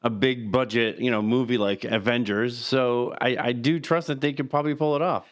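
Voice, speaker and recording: A man co-hosting a casual podcast chat, talking quickly and repeating words as he gets animated. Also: mid-range voice. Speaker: podcast co-host.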